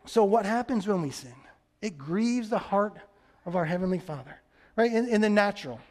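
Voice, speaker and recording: High-voiced man preaching a sermon. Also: expressive, moderate pace, darkish tone. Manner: conversational, repetitive emphatic preaching. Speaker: pastor.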